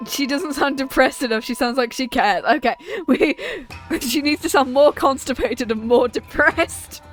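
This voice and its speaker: A woman's voice: sits high, a little slow, faint music behind. A woman streamer giving casual, joking commentary on a game and laughing at her own character voices. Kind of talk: casual let's-play commentary.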